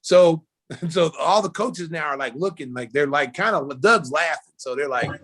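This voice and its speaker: A man in his fifties tells a story from his playing days as an interview guest. His voice sits a little high and comes out husky. He brings the tale to life by acting out what each person said. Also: normal speed. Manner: lively storyteller who acts out quoted voices. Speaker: former pro basketball player and announcer, guest. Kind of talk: casual storytelling anecdote.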